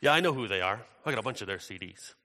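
A man voicing a gruff, rough-looking smoker who talks in a casual, offhand way, in a bright, reverberant hall. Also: on the low side, lively intonation, rapid-fire, pitched below the performer's own voice.

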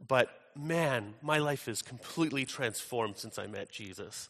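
A man voicing a gruff, rough-looking smoker who talks in a casual, offhand way, in a bright, reverberant hall. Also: medium pitch, animated, a little slow, full character voice.

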